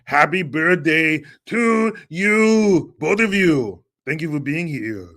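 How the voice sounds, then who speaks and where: Man putting on a loud Austrian action hero, slow drawn-out singing, higher than his own voice, lively. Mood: hearty. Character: boisterous male bodybuilder action star with Austrian accent.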